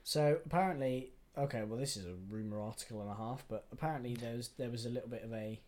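A man with a mid-range voice co-hosts a casual chat. He is relaxed and reads notes aloud as he goes, filling gaps with ums and uhs. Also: mid-range voice, fast. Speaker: podcast co-host.

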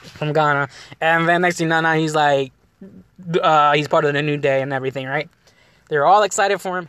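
A podcast host rambling in a loose, animated way about wrestling, laughing often. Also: male voice, fairly high pitch, normal speed, clear, resonant tone. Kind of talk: casual wrestling chat.

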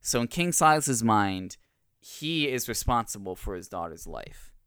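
Male podcast co-host, lowish smooth voice, dry close mic, casual and hedging. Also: sing-song, measured pace, fairly bright tone, dry recording. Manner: conversational, hedging with fillers. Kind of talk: casual chat.

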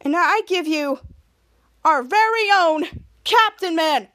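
A woman doing male vice mayor, pompous, speech-giving, high voice. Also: lively intonation, takes it slowly, a bit bright, full character voice. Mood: announcing. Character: self-important male city official.

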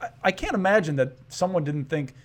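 A man's voice: on the high side, lively intonation, a little fast. A man from Chicago hosting an interview, enthusiastic and laughing often as he chats. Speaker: host. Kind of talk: casual interview chat.

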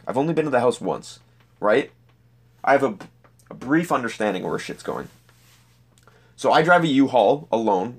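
Animated man telling a story. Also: mid-range voice. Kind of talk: personal anecdote monologue.

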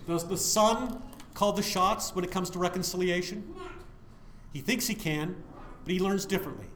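A man's voice: high voice, animated, moderate pace, fairly bright tone, roomy sound, a little hiss or hum. A man preaching a sermon, putting questions to his listeners and answering them himself.

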